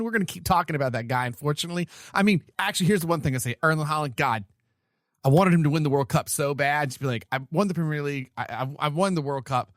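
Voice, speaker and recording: A man hosting a casual podcast chat, talking in an animated, rambling way and often correcting himself mid-sentence. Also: sits high, no room sound, clean studio sound. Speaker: podcast host. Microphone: remote call mic.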